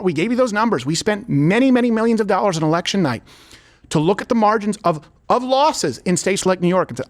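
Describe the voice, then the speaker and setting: A man hosting a political commentary show, sarcastic, forceful and opinionated. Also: high-pitched, big pitch swings, quick pace. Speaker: host.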